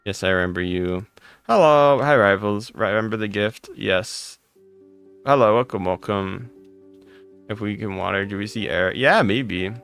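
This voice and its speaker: A man's voice: lowish voice, measured pace, creaky, fairly bright tone, clean tone, faint music behind. A man streaming a game live, greeting chat viewers by name one after another and answering their questions with blunt, sarcastic asides.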